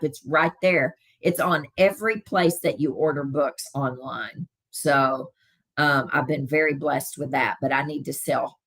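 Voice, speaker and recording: Low-voiced Southern woman chatting live. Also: a bit bright. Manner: chatty, answers comments, many fillers. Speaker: wellness live-stream host. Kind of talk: casual live-stream chat with viewers.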